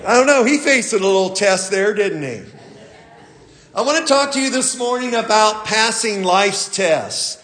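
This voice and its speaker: A pastor delivers his sermon in a high voice, taking his time and pausing with fillers as he tells a story. His voice rings through a large, echoey church hall. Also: lively intonation, a bit bright. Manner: unhurried storytelling with fillers and restarts.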